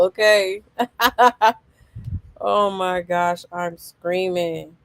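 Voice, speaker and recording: A woman hosting celebrity gossip, casually reacting to clips and comments in a sassy drawl with loud laughs. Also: mid-range voice, fairly even intonation, drawn-out words, a crowd in the background, noisy background.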